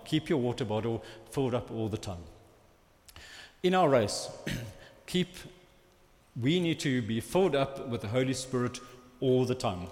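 A man preaching, telling a personal story in a halting, rambling way with many restarts. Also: mid-range voice, a little mellow. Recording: long hall reverb.

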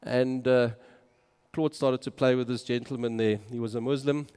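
A man's voice: mid-range voice, fairly even intonation, moderate pace, darkish tone, clean tone. A man, a minister, narrating travel photos in a casual, enthusiastic and exclaiming way. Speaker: minister on a mission trip. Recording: long hall reverb.

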